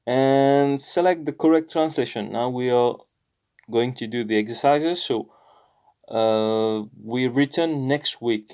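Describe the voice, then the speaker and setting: A man with a British accent walks through a language lesson out loud, thinking as he goes, pausing often and correcting himself. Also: mid-range voice, smooth. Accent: British English. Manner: thinking aloud, explains patiently with many pauses and self-corrections. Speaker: language learner sharing lessons. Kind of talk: screen-recorded lesson walkthrough.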